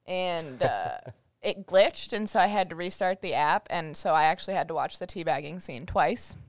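A woman's voice: fairly low pitch, normal speed. A woman co-hosting a casual movie-review podcast, chatty and laughing as she recounts scenes. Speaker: podcast co-host.

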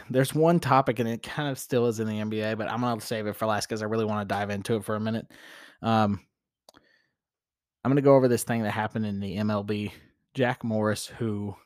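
Rambling low-voiced man hosting sports talk. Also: no room sound, studio quality. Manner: rambling, frequent restarts and fillers, opinionated. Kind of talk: casual solo sports commentary.

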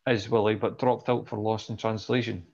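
A man's voice: on the low side, little pitch movement, moderate pace, creaky, darkish tone, dull audio. A man, co-hosting a podcast, chatty and reading out film trivia. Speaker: podcast co-host. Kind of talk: casual chat.

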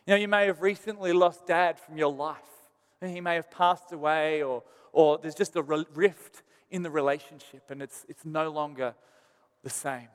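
High-voiced man preaching with humour. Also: normal speed, smooth, in a large hall. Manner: storytelling, self-deprecating and animated. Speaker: pastor. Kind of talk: sermon.

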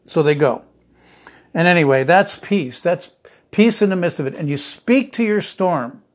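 A man's voice: high voice, animated, moderate pace. Rambling, emphatic male preacher. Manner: rambling storytelling with many restarts and fillers, rising to emphatic declarations. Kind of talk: sermon.

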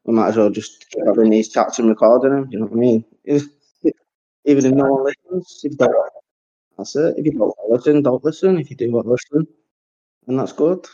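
A mellow, mid-range voice belongs to a man co-hosting a podcast, talking a little fast. The chat is casual and meandering with free use of profanity, and the recording is lo-fi and dull.

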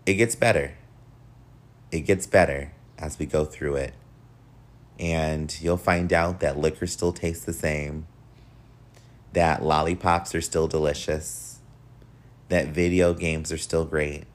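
A man's voice: rumbling low, fairly even intonation, slow pace, long pauses. A young man hosting a solo podcast with a nasal voice, talking candidly and encouragingly in a casual way, sometimes swearing. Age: young adult. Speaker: podcast host.

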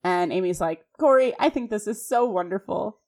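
A woman co-hosts a casual podcast and walks through a sitcom episode scene by scene. She rattles off quoted lines quickly and animatedly, with a light conversational tone. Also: medium pitch, darkish tone. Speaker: podcast co-host. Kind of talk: casual recap chat.

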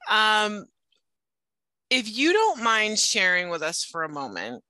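A woman hosting a podcast, asking her guest questions in a gentle, encouraging way. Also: medium pitch, sing-song, slow, no room sound. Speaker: podcast host. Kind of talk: interview questions.

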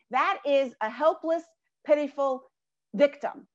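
A woman giving a motivational talk, telling stories in an animated way and asking rhetorical questions. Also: high voice, normal speed. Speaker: inspirational speaker. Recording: dull lo-fi recording.

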